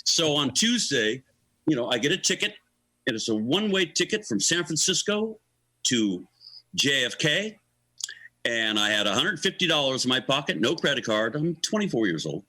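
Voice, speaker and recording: A man in his sixties, a guest musician, telling a lively story in an interview and acting out the quotes. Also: mid-range voice, normal speed, poor audio. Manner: animated storyteller, acts out quotes, laughs between lines.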